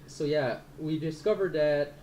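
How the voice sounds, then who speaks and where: A man's voice: a little high, unhurried, a little mellow, slight background noise. Man game master, muddled by rules, casual swearing, roomy room. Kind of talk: running a tabletop game.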